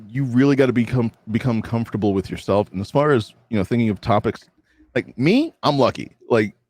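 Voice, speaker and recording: A young man chatting as a guest on a stream, relaxed and joking, with sudden lively bursts. His voice sits a bit low, recorded dry and close. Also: dry recording. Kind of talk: casual livestream chat.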